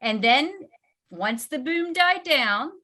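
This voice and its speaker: A woman's voice: high-pitched, animated, takes it slowly, pushed and bright. A woman with a Southern US accent hosting a casual book club webinar, chatty and full of fillers. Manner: chatty, filler-heavy, laughing often. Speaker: host.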